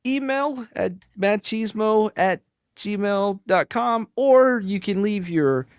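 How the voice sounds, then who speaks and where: A man's voice: sits high, animated, slow, clean tone, no echo, studio quality. A man hosting a casual podcast, reading listener email and correcting himself with a laugh. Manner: laughing, self-correcting, joking. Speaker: podcast host.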